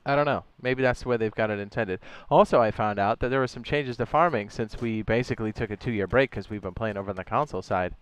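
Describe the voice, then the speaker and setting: Talking fast with barely a pause, this man has a fairly low, clear and resonant voice, recorded dry. He's livestreaming a building game, chatting loosely and drifting off topic, calling viewers things like "dog" and "my guy."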